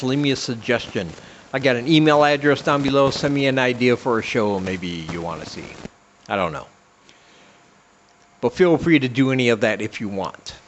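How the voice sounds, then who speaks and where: A man hosts a comedy podcast in a loose, rambling rant, sarcastic and full of fillers. His voice sits at an ordinary middle pitch. The recording is a bit dull and lo-fi. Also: slight background noise. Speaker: podcast host.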